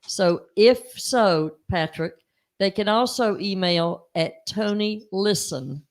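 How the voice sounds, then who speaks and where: A man's voice: sits high, takes it slowly. An older man co-hosting a casual chat, speaking in a dry, matter-of-fact way. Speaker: co-host.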